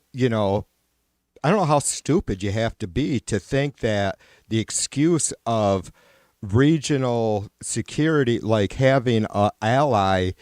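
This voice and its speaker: A man's voice: mid-range voice, a little mellow, no echo, studio quality. A man hosting a live stream, ranting casually and profanely with sarcastic exasperation, often trailing off and restarting.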